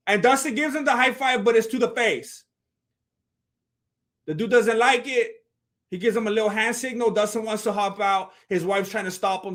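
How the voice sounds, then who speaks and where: A man's voice: high voice, normal speed. A young man chatting casually on a live stream, commenting on a fight video and acting out the people in it. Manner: animated storyteller, voices the people in the clip.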